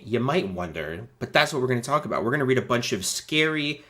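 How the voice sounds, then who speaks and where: A man's voice: on the low side, sharp tone. A man hosting a live stream, talking casually in a laid-back, rambling way with many fillers and restarts. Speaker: streamer host.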